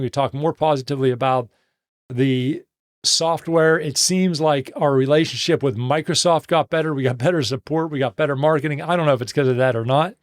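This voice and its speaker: A man's voice: on the high side, no room sound, studio quality. A middle-aged man hosting a live Q&A, telling a workplace story and acting out the dialogue in it before giving advice. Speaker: host answering listener questions.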